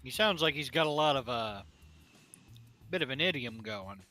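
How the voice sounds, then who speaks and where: A man's voice: medium pitch, lively intonation, moderate pace, bright, forceful tone, faint music behind. A man playing a tabletop game, reasoning in a matter-of-fact way. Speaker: player.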